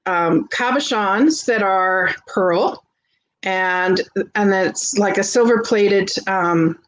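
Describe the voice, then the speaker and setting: A woman with a Canadian accent, hosting a live vintage sale and chatting warmly with viewers as she shows jewelry. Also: medium pitch, rough recording. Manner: chatty and gushing, greets viewers by name. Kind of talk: casual live-stream selling.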